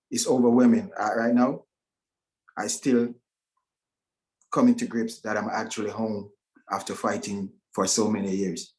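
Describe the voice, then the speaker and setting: Brief: middle-aged man with a lowish voice, telling his own story haltingly and emotionally on a video call. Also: darkish tone. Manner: emotional, halting, with many restarts. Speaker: guest speaker at a virtual event. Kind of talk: personal testimony.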